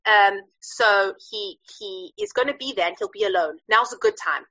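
A woman teaching a Bible story in a lively, chatty way, with frequent fillers and searches for words. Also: mid-range voice, normal speed, dull audio. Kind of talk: animated storytelling lesson.

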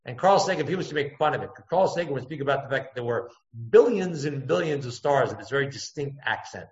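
A man giving a text-study lecture as a Torah teacher, thinking aloud, circling back to points and jumping his pitch up to act out quotes. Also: animated, racing. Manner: thoughtful, digressive, acts out quotes with pitch jumps. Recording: echoey room, dull lo-fi sound.

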